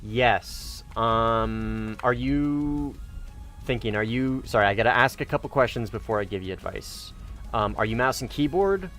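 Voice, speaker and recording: A man with a fairly low voice talks loosely to his stream audience, circling back and restarting his sentences. He swears offhandedly and keeps it conversational. Soft music plays faintly underneath. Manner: rambling, self-correcting, casually profane. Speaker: game streamer. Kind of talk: casual gaming livestream chat.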